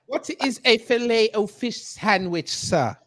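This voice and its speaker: A man doing a pompous, mock-posh British gentleman in comedic banter, clipping "sir" onto nearly every line. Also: high-pitched, animated, unhurried, noisy background, pitched above the performer's own voice. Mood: haughty.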